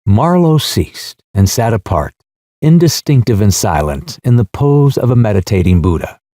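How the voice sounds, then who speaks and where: A man narrating a literary audiobook in a measured, solemn, expressive read on a close studio mic. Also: on the low side, no room sound.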